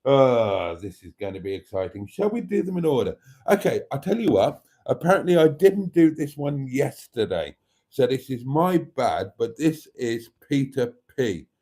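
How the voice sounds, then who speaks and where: A man's voice: medium pitch, big pitch swings, moderate pace, mellow, slightly rough. A man hosting a casual livestream, reading out viewer comments and laughing heartily. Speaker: livestream host.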